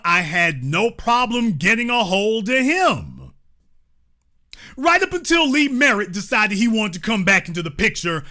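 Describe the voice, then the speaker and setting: Blunt, emphatic, bright-voiced man. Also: high-pitched. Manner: emphatic, repetitive, blunt, profane. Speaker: commentary show host. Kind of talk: animated political commentary monologue.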